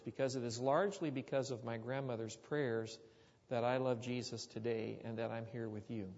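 A man preaching a sermon, telling a personal story in an earnest, reflective way with pauses and restarts. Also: mid-range voice, darkish tone. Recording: dull lo-fi sound in a reverberant hall.

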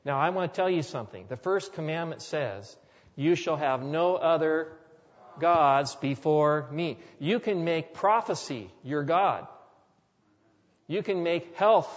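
A man preaching a sermon as a pastor, earnest and building to emphatic repetition. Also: on the high side. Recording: long hall reverb, dull lo-fi sound.

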